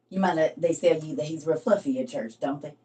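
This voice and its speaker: A middle-aged woman hosts a casual Bible study livestream, chatty and teasing and laughing often. Her voice is low and warm at a moderate pace, and she sounds distant from the mic.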